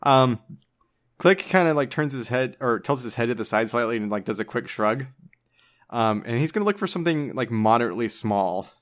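A man playing a tabletop role-playing game, chatty and casual. He thinks out loud, full of "like" and "um", as he plans his moves. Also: mid-range voice, expressive, fairly quick. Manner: casual, thinking aloud, frequent "like". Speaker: player.

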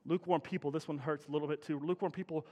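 This middle-aged pastor preaches very fast in a high-pitched voice with fairly even intonation, chatting like a neighbor before rising into loud, emphatic bursts. The sanctuary gives the sound a long reverberation.

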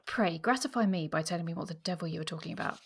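A woman reading aloud as a blunt, plain-spoken Regency gentleman in a book discussion. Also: a little high, rapid-fire, vocal fry, slightly rough, full character voice.

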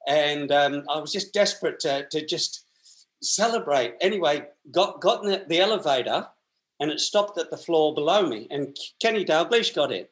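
Australian male guest, slightly high pitch, chatty storyteller who laughs mid-sentence. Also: expressive, moderate pace, a bit bright. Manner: chatty, rambling, laughs while telling stories. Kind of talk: anecdotal storytelling.

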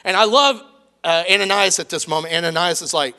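A middle-aged man preaching a sermon in a conversational, animated way, acting out quoted lines. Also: sits high, a little fast, vocal fry, clean tone. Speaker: pastor.

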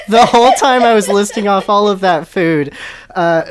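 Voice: mid-range voice, normal speed, background noise. A podcast host reading a book aloud with laughing, sarcastic asides.

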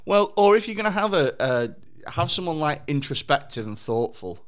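Sweary podcast guy, bright high voice, swoops all over. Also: big pitch swings, moderate pace. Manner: sweary, laughs a lot. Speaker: podcast host. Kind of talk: casual chat.

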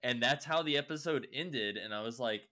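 A man's voice: mid-range voice, moderate pace, bright, forceful tone. A young man casually recapping a show, rambling with lots of fillers and swearing. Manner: rambling, heavy use of "like" and swearing.

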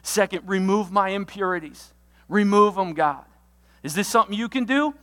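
Energetic pastor preaching with loud bursts. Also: medium pitch, normal speed, long reverb tail. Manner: lists points with alliterative words. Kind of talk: sermon.

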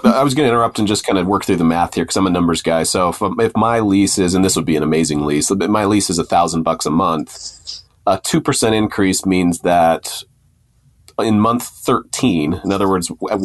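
A male podcast host who talks casually and thinks out loud through the numbers, often restarting his sentences. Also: low voice. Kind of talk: podcast interview, conversational.

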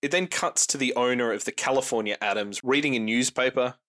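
A man hosting a podcast, recapping a film plot in casual, wry chat. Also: brisk. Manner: wry, joking recaps with lively pitch. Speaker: podcast host. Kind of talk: casual movie review chat.

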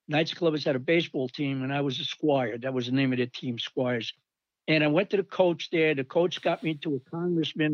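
A man's voice: fairly high pitch, no room sound, highs cut off. Older man rambling through old army stories. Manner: rambling, animated, acts out quoted voices. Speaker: storyteller recalling army days. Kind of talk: casual anecdote.

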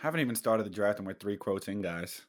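A young man co-hosting a podcast, animated and laughing often. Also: fairly low pitch, quick pace, no room sound, clean studio sound. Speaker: podcast co-host. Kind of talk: casual chat.

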